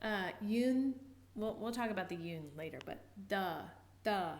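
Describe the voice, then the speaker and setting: A woman giving a casual pronunciation lesson, chatty and self-interrupting, repeating sounds slowly to demonstrate them. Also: medium pitch, expressive, darkish tone. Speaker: language learner teaching pronunciation.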